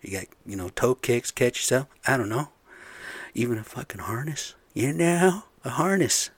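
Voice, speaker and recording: A man's voice: mid-range voice, animated, moderate pace, breathy edge, dry recording. Profane, blunt construction foreman venting. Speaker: construction site supervisor. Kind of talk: casual rant to camera.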